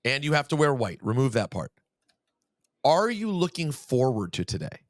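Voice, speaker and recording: A man's voice: medium pitch, normal speed, dry recording. New podcast guy, teasing and bouncy, voice goes up and down a lot, dry studio sound. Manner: lively, teasing, plugs the show. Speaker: podcast co-host. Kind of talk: casual podcast chat.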